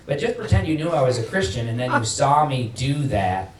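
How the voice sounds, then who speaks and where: A man preaching a sermon as pastor, emphatic, climbing in pitch and loudness to stress his points and acting out quoted voices. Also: big pitch swings, brisk. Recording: echoey hall from far off, faint noise.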